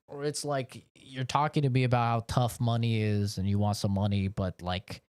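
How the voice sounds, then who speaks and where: A man from the United States talks casually on a game stream from his home office. He rambles and curses as he rants, in a voice of middle pitch. The recording is dry and close, with no room echo. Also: darkish tone. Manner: rambling, profane, ranting. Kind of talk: casual chat while streaming.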